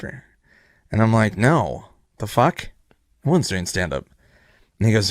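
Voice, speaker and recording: A man's voice: on the low side, very animated, normal speed, pauses often, no echo, studio quality. A man, a stand-up comic, casually telling a story, swearing freely and acting out both sides of a conversation.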